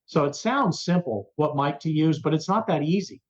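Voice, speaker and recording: A man who is a rock radio personality, a guest in a remote interview, telling a story with lively energy and acting out the voices of the people he quotes. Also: on the high side, moderate pace, highs cut off. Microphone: remote interview over the internet.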